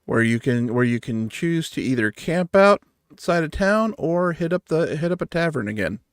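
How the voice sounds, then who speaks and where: A man's voice: a little high, lively intonation, moderate pace, smooth, no room sound, studio quality. A man running a tabletop game as game master, narrating travel in an easygoing way with small restarts. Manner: easygoing, with restarts while describing.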